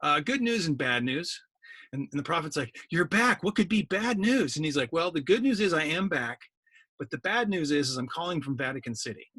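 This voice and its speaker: A man's voice: on the high side, lively intonation, brisk, bright, forceful tone, husky, dry recording. A man co-hosting a podcast, telling jokes in a wry, easygoing way. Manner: wry, joking storyteller. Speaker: podcast co-host. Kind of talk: casual chat, telling a joke.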